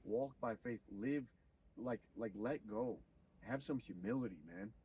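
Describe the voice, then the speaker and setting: A man streaming, retelling a story in an animated, profane, preachy way. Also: on the low side, a little slow, far from the mic, a little hiss or hum, low-quality recording. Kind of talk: casual storytelling on a livestream.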